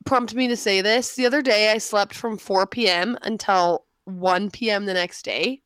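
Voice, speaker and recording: A woman's voice: medium pitch, moderate pace, a bit bright, clear, resonant tone, no room sound. A married woman chats on a podcast, rambling through stories and laughing easily. The sound is dry, with little room. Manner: rambling storyteller, laughs often. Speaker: podcast co-host. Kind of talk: casual chat.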